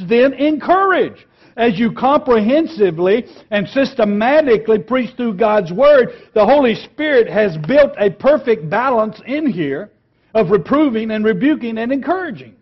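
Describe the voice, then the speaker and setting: Emphatic high-voiced male preaching teacher. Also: expressive, highs cut off. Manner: emphatic, slows and drops quiet on key words. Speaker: preaching instructor. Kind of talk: earnest teaching lecture on preaching.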